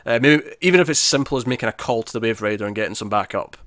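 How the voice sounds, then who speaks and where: A man's voice: on the low side, very fast, a bit bright, no echo, studio quality. A man co-hosting a podcast in casual chat, chatty and laughing often, acting out characters' lines. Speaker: podcast co-host.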